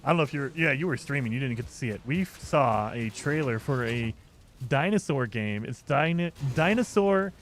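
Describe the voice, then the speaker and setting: A man's voice: animated, moderate pace, faint music behind. A man hosting a casual stream chat with friends, joking and laughing often. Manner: joking, laughs often, mimics others in high voice. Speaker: streamer host.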